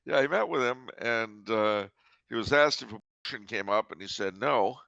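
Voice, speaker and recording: Man, podcast host, dry teasing banter, very gravelly creaky voice, dead-dry muffled recording. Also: on the low side, a little slow, sharp tone, dry recording. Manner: dry, teasing, breaks into sung jokes. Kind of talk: casual podcast chat.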